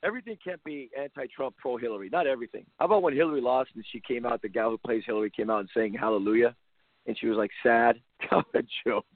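This is a fast-talking man with a medium-pitched voice, hosting a talk show as a basketball coach. Blunt, sarcastic and repetitive, his opinionated talk-radio rant comes through with phone-line quality, dry and echo-free.

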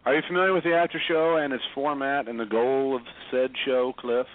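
A man co-hosting a talk show, explaining a format in a deliberate, slightly formal way. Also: medium pitch, fairly even intonation, music in the background. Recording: dry tinny phone-line audio.

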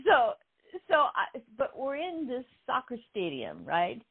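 A woman's voice: a little high, a little slow, gravelly, husky, no room sound. Older woman laughing over a phone line. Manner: animated, laughing storyteller. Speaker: guest. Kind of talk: telling a story.

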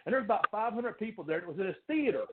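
A man telling animated wrestling stories in casual chat, laughing often. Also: sits high, very fast. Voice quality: country accent. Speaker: guest, former pro wrestler. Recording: phone-like line with faint noise.

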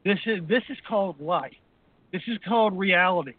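A man's voice: high-pitched, animated, normal speed, no echo. Profane ranting man in his fifties. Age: 50s. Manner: crude, combative, repeats "okay". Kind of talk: profane ranting talk radio. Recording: phone-line audio.

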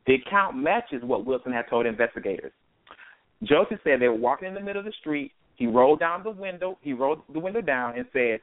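A host on an online call reads a news account aloud and comments on it, speaking fairly quickly in a mid-range voice with lively intonation. He sounds hesitant, with frequent fillers, false starts, and restarts. The dry phone-line audio sounds thin, with no room sound around it.

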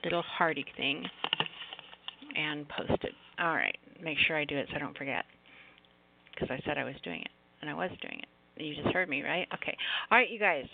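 A woman's voice: low voice, animated, normal speed, gravelly, slight background noise. A woman hosting a call-in radio show, chatting casually and affectionately with callers and laughing often. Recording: dry tinny phone-line sound.

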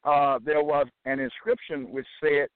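A man's voice: on the high side, flat delivery, dry recording. Man reading his book over a phone line. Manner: deliberate, spells words out, quotes scripture in old wording. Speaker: reader of his own book. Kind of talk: reading aloud and explaining scripture. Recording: dry phone-line sound.

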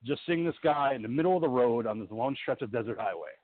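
A man's voice: medium pitch, lively intonation, fast talker. A man co-hosting a podcast, animatedly retelling movie scenes and acting out the characters' lines. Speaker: podcast co-host. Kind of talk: casual movie recap. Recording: tinny phone-like line with faint hiss.

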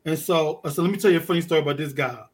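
A man from Detroit with a high voice tells a story on a podcast in loose, profane street talk. He acts out every exchange, and his tone swings from loud to low. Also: rapid-fire. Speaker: podcast guest, underwater photographer. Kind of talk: casual storytelling chat.

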